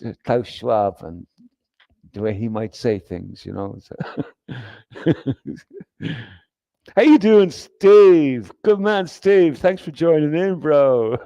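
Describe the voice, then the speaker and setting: A man's voice: mid-range voice, very animated, very slow, gravelly, pauses often, mellow, no room sound. A man hosting a livestream, talking in a rambling, profane, emphatic way with frequent restarts and reading comments from chat. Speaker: livestream host.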